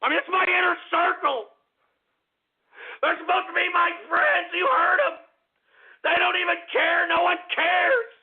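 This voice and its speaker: Very high-voiced tearful man on a tinny line. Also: level tone, a little slow, long pauses. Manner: whining, sobbing, swearing, repeating himself. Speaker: radio show host. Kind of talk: melodramatic on-air rant. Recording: tinny phone-like lo-fi audio.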